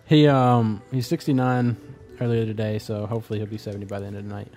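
A man's voice: fairly low pitch, flat delivery, fast, darkish tone. Male podcast host, casual, rambling, jokey delivery, faint music bed. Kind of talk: casual gaming chat.

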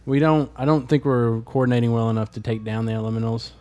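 A man's voice: mid-range voice, fairly even intonation, fast, darkish tone. Rambling man hosting a gaming chat. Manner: rambling, hesitant, jokey. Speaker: podcast host.

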